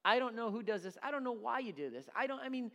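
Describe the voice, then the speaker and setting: Animated male preacher, lively pitch. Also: fast talker, creaky. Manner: animated, acts out voices in stories. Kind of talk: sermon.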